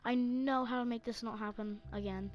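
Excitable woman chattering through gameplay. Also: a little high, moderate pace, faint music behind. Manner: excitable running chatter to herself and teammates. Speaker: gaming channel host. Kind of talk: live gameplay commentary.

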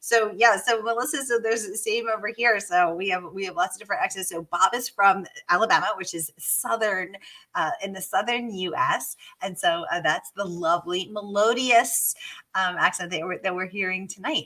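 A woman with a crisp, sharp tone hosts a live online interview. She is playful and enthusiastic and keeps the chat moving on a video call. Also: medium pitch, normal speed, rough recording. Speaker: host.

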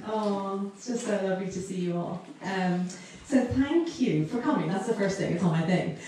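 A woman's voice: mid-range voice, moderate pace, hardly any pauses. Woman speaking in a very echoey hall. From Ireland. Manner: laughing, self-deprecating, fond of asides. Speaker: debut author giving a launch speech. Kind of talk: emotional, chatty speech to a crowd. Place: large hall in a castle. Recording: very echoey hall, voice far from the mic, crowd in the background.

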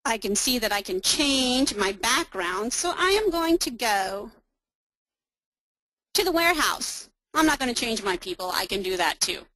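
A woman presenting a webinar, walking listeners step by step through a software demo in an upbeat, explaining manner. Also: on the high side, big pitch swings, unhurried, dry recording, rough recording.

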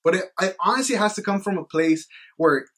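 Husky young man, earnest faith chat. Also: sits high, a little fast, a bit bright. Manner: earnest, rambling, heavy on "like" and "you know what". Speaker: youth podcast co-host. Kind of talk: casual faith talk.

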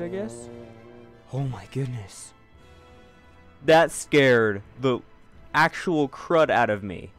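A man giving let's-play commentary on a video game, swinging from panicked yelling to calm, unhurried remarks. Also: medium pitch. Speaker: gaming video creator.

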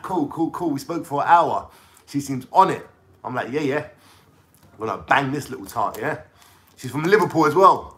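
A man's voice: medium pitch, pushed and bright. Rambling young London man telling a story. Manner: rambling, slangy, keeps checking in with "yeah?". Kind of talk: casual storytelling vlog.

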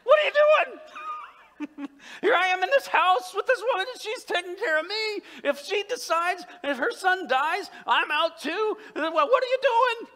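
A man voicing a panicked prophet who is falling apart, crying out in a high, strained, pleading voice. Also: lively intonation, moderate pace, bright, forceful tone, heavily acted. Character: panicked prophet, grown man, overwhelmed and frantic. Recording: long reverb in a large sanctuary.

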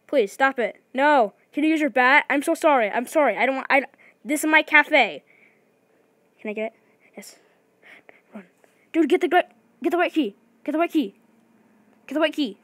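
A woman giving excited gameplay commentary, talking fast and restarting her sentences often. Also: high-pitched, dry recording. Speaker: gaming video creator.

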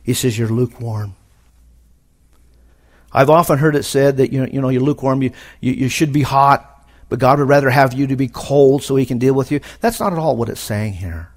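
A middle-aged man preaching a sermon at a conference, animated, with sudden loud emphatic rises. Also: mid-range voice, fast, hardly any pauses. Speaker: pastor. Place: conference hall.

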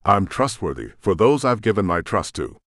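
Curt panther-shifter soldier, deep and terse, read by a man, dry close sound. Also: big pitch swings, moderate pace, a bit bright, dry recording. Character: gruff male panther-shifter special ops soldier.

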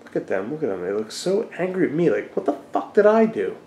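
A man's voice: fairly high pitch, sing-song, fast, dark tone. A young man filming a casual home vlog, a father who rants and swears at his cats in between baby talk. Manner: swearing, exasperated rants at pets. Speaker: vlogger, dad. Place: home, indoors.

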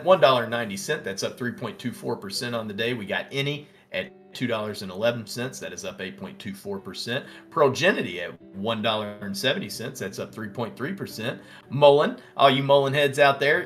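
Brief: male livestream host, Southern American accent, bright, forward voice, chatty market commentary over faint music. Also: mid-range voice. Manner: excitable, reads out tickers and prices, answers chat. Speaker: stock trading livestream host. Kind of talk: casual live market commentary.

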